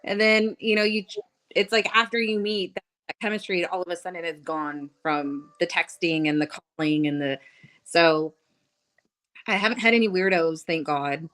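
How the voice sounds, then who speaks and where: A woman's voice: on the low side, fairly even intonation, normal speed, fairly bright tone, poor audio. A woman guest on a podcast, talking casually about dating and filling her speech with "like". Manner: chatty, many fillers like "like". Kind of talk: casual chat.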